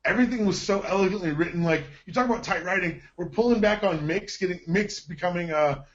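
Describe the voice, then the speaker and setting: A man's voice: high voice, fast. A man co-hosting a casual TV recap podcast, talking in an easygoing way with chuckles. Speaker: podcast co-host. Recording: slightly dull lo-fi audio.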